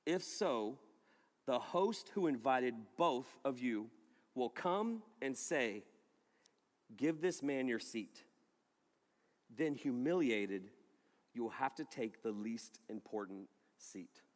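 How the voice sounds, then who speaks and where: A man preaching a sermon to a live audience, telling a funny story in an animated way, laughing and shouting as he acts out the scene. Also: mid-range voice, takes it slowly, long pauses. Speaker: youth pastor. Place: large hall. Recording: echoey hall with long reverb.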